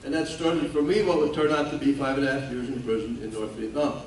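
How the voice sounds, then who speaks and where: A man's voice: mid-range voice, fairly even intonation, fast talker. An older man gives a speech as guest speaker, telling his story in a folksy way with self-mocking humor. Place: large hall at a ceremony. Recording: echoey hall from far off, faint noise.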